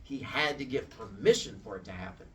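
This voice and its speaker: A man playfully retells an old myth as a comic story, hopping into high, squeaky voices for the characters. As the storyteller host, he sounds animated and fairly quick. The mic is distant, with a crowd audible in the background.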